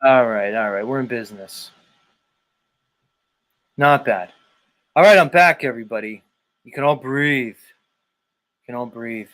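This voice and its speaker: A man's voice: mid-range voice, measured pace, long pauses, a bit bright. A man hosting a livestream show, chatting loosely with guests and the chat, swearing freely. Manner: loose and profane, talks to the chat. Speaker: livestream host.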